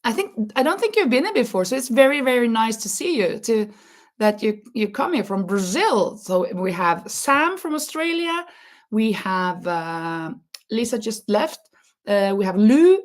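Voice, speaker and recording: Woman, Norwegian accent, slow unhurried delivery, halting chatty live-stream talk, fillers and restarts. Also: fairly high pitch, big pitch swings. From Norway. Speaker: crochet channel host. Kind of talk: casual live-stream chat.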